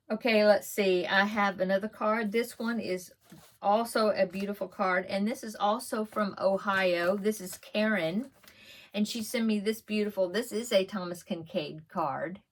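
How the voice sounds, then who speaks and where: A woman's voice: medium pitch, fairly even intonation, unhurried. A woman vlogger, an older grandmother, casually opening and reading holiday cards, chatty and laughing often. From Texas. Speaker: podcast host. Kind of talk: casual vlog, opening mail.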